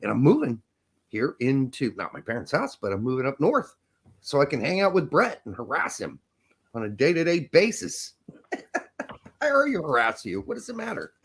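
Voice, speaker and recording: A man's voice: medium pitch, huge pitch swings, normal speed, husky. A young man hosting a podcast, rambling energetically and joking with frequent laughs. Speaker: podcast host. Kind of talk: casual chat.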